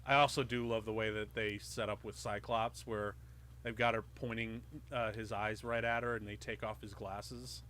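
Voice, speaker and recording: Brief: male podcast host, bright tense tone, excited casual commentary, swears freely. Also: fairly low pitch, normal speed. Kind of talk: movie commentary chat.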